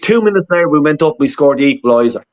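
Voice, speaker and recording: A man hosts a casual live stream from home, swearing bluntly as he recounts and chats. His voice sits slightly high. He talks straight to the chat. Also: very fast. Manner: swears freely, blunt and animated. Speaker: streamer host.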